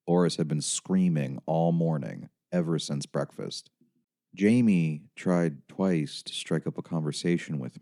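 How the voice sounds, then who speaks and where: A man narrating a first-person audiobook in a wry, bleak, deadpan way. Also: extremely low pitch.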